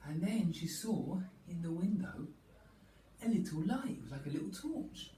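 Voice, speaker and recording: A man leading a children's yoga class through a story, playful and coaxing. His bright, fairly high voice swoops up and down with lively pitch. He is heard from afar in an echoing room with a faint hum of ambience. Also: normal speed. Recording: echoey room, distant mic, faint ambience.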